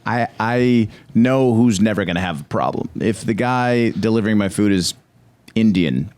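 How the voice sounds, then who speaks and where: A man's voice: lowish voice, normal speed, darkish tone. A man co-hosting a podcast in casual chat, rambling with frequent fillers and restarts. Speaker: podcast co-host.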